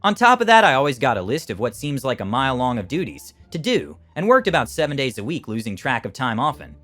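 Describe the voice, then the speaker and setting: A man giving an expressive, scripted narration of first-person internet stories. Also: mid-range voice, quick pace, soft background music.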